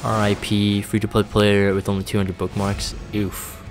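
A man's voice: fairly low pitch, monotone, normal speed, music in the background. A man casually chatting on a live stream, reading chat aloud and rambling with plenty of fillers. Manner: reads chat aloud, rambling and laid-back with many fillers.

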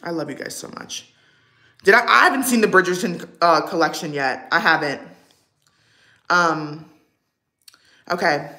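A young woman talks through a casual get-ready-with-me livestream, rambling and reading her chat aloud. Her voice sits a little low, and the room around her is echoey. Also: unhurried, long pauses, sharp tone. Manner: chatty and rambling, lots of "like", answers chat. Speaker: livestream vlogger.

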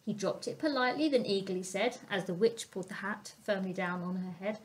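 A woman storyteller reading a picture book aloud to young children, expressive and asking them questions. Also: medium pitch, fairly quick, few pauses. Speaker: family centre storyteller.

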